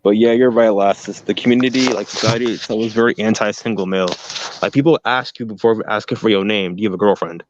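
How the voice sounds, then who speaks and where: A man's voice: fairly low pitch, steady tone, quick pace, muffled recording. A young man calling in for casual chat, talking bluntly in slang with lots of fillers. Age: young adult. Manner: slangy, blunt, mumbly filler-heavy talk.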